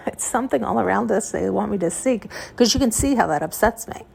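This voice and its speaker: A woman podcast host with a gravelly voice full of vocal fry, speaking at a middling pitch. She rambles through a casual monologue, blunt and often profane. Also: moderate pace.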